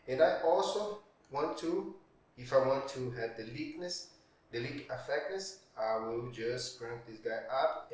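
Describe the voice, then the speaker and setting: A man, a non-native speaker whose first language is Portuguese, walking through a software tutorial while thinking aloud and checking in with tag questions. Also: medium pitch. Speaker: 3D art tutorial creator. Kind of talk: screen-recorded software tutorial. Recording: very echoey room, distant mic.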